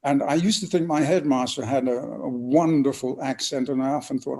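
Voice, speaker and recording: Brief: older Englishman, mellow expressive raconteur, guest in conversation. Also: medium pitch, brisk, few pauses. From England. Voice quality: lively, expressive storyteller's delivery. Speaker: guest actor. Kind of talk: storytelling interview answers.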